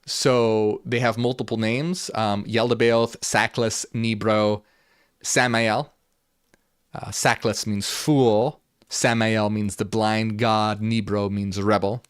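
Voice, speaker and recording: A man's voice: lowish voice, little pitch movement, slow pace, clean tone, dry recording, studio quality. A man hosting a talk, reading ancient passages aloud and explaining them in an earnest way that repeats itself and restarts. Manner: switches between reading passages aloud and casual paraphrase. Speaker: channel host.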